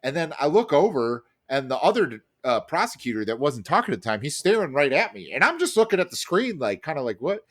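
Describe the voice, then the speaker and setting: Lively, animated man telling a story. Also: fairly high pitch, fairly quick, few pauses. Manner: animated storytelling, heavy fillers and swearing. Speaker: podcast co-host. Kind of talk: casual chat.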